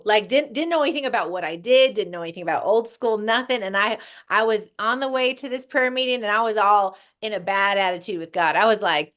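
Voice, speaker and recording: Lady on a radio show telling her story, lively, keeps laughing and doing the voices. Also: medium pitch, brisk, hardly any pauses. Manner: animated, laughs often, acts out quoted speech. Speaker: guest, youth program founder. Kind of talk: casual conversation, storytelling. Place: radio studio.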